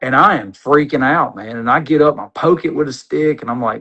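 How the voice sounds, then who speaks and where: A man, a podcast guest telling an animated, rambling, folksy story in casual conversation. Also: mid-range voice, a little fast, muffled recording.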